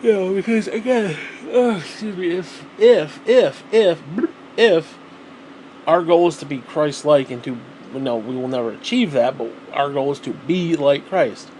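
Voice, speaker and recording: A man's voice: fairly high pitch, expressive, a little slow, darkish tone, a little hiss or hum. A man ranting alone in a vlog, rambling and exasperated, swearing constantly. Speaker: vlogger. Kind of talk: solo rant to camera.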